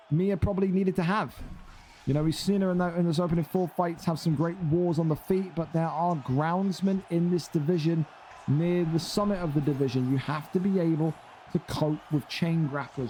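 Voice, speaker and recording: A young man doing play-by-play commentary on a fight game, excitable and climbing high and loud on big moments. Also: a little hiss or hum.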